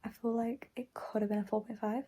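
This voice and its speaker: A woman's voice: a little high, flat delivery, brisk, dark tone, breathy edge, poor audio. A young woman chatting casually as a book vlogger, gushing and talkative with lots of "like". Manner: chatty and gushing, heavy use of "like". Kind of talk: casual vlog chat.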